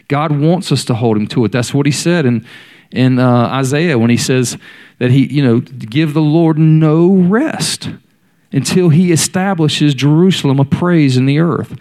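A man's voice: a little high, unhurried, darkish tone. A man preaching a sermon, telling stories and speaking directly to the congregation. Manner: storytelling, voicing the characters in quotes.

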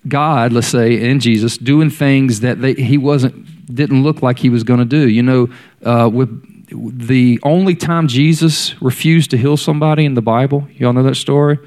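A man's voice: mid-range voice, darkish tone. A man preaching a sermon, telling stories and speaking directly to the congregation. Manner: storytelling, voicing the characters in quotes.

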